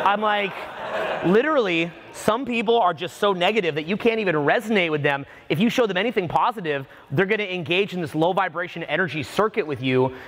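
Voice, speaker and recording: A man, a dating coach, telling stories to a live seminar audience, profane and animated. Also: high voice, fast. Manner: profane, animated, acts out the people in his stories. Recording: long reverb of a seminar hall.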